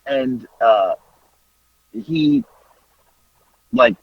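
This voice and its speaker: A man in his forties, a podcast co-host, telling a story in casual chat and acting out the quotes with big jumps in pitch. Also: animated, drawn-out words, dry recording. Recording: dull lo-fi audio.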